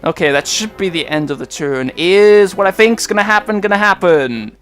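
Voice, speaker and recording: High-voiced man giving casual gameplay commentary. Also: normal speed, soft background music. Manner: chatty and rambling, with sudden excited outbursts. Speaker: let's play host.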